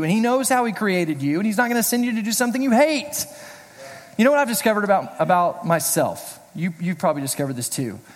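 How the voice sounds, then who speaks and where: A middle-aged pastor giving a casual, joking sermon, telling personal stories in a chatty way. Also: male voice, fairly high pitch. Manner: chatty, storytelling, self-deprecating jokes. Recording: reverberant hall.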